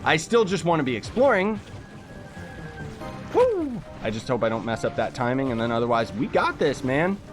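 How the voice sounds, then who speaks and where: A man's voice: medium pitch, big pitch swings, fast talker, hardly any pauses, over music. Chatty young man streaming a game. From Canada. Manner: chatty, reads chat aloud, jokey asides. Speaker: livestreaming gamer. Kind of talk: casual livestream chat while playing.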